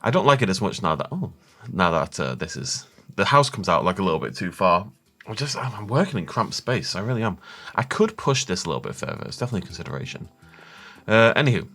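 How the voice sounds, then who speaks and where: Animated man narrating his gameplay. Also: deep voice, fast, husky. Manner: rambling, thinks aloud, chatty with viewers. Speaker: Minecraft let's-play host. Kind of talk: casual gameplay commentary.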